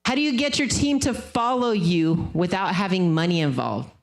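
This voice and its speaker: A woman's voice: on the low side, lively intonation, normal speed. Emphatic woman giving a sales seminar talk. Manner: emphatic, repeats phrases, casual swearing-lite. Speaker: seminar speaker.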